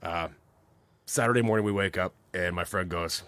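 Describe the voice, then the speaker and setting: Low-pitched and speaking at a normal speed without echo, this podcast co-host keeps things casual. He recounts stories with animation, acting out the lines of the other people in them.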